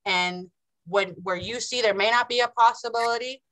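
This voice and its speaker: A woman, a mother of young kids, talking as a guest in a casual spiritual conversation, animated and acting out quotes from her family. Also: a little high, moderate pace, rough recording.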